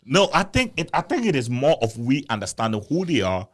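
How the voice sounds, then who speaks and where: A man in his thirties hosts a casual talk show in an animated way, often laughing and stumbling over repeated words as he makes his case. His voice sits at an ordinary middle pitch. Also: fairly quick. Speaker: podcast host. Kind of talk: casual chat.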